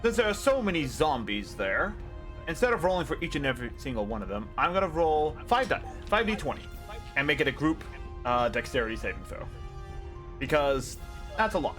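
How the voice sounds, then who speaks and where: Male game master, casual and self-mocking, voice a touch high, faint music underneath. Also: big pitch swings, fairly quick, a bit bright. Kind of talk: narrating a tabletop game.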